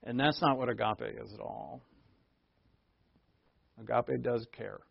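A man preaching a conversational sermon, earnest, asking rhetorical questions and shifting from emphatic to hushed. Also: mid-range voice, a little slow, creaky, breathy edge, no room sound, dull audio. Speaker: pastor.

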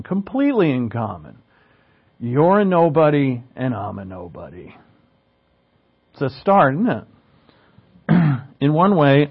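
A man's voice: medium pitch, creaky, breathy edge. A man delivering a teaching sermon, his mid-range voice explaining Greek words and posing rhetorical questions. He rises with emphasis on key points, and the recording sounds a little dull and lo-fi. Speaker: pastor.

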